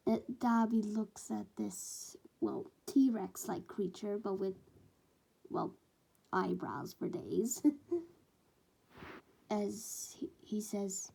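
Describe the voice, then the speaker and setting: A woman's voice: medium pitch, steady tone, slow pace, creaky, mellow. A woman casually narrating a fan-made story, with rambling, chatty asides.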